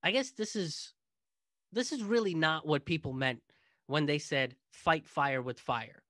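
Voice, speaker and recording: A man's voice: on the high side, unhurried, bright, forceful tone, no echo, studio quality. A male comedian hosting his show, delivering a sarcastic comedic monologue. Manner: sarcastic, mocking. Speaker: comedian host.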